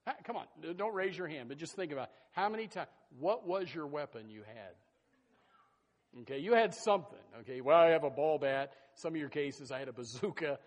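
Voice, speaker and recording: A man preaching a sermon in a folksy, animated way, with sudden loud bursts and asides to the congregation. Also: fairly high pitch, moderate pace. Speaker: pastor.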